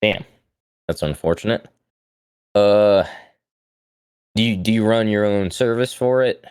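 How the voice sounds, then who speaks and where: A man's voice: lowish voice, measured pace, a little mellow, clear, resonant tone, no room sound, studio quality. A man playing a tabletop role-playing game, talking in character in a laid-back, hesitant way with lots of fillers. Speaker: player. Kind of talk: casual in-character role-play.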